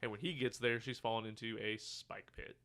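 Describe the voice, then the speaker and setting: A man's voice: on the low side, steady tone, a little fast, sharp tone. A man co-hosting a podcast, casually retelling movie scenes and acting out the characters' lines with some swearing. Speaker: podcast co-host. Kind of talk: casual movie review chat.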